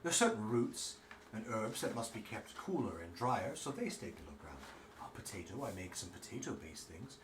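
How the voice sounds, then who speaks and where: A man voicing a calm, evasive male baker who speaks in a low, hushed way. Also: normal speed, noisy background. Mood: smoothly evasive. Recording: echoey room, far from the mic.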